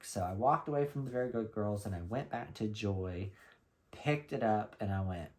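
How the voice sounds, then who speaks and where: A man from Florida telling a lively, gossipy shopping story in a casual vlog, with blunt slang. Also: fairly low pitch, moderate pace. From Florida, USA. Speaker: vlogger.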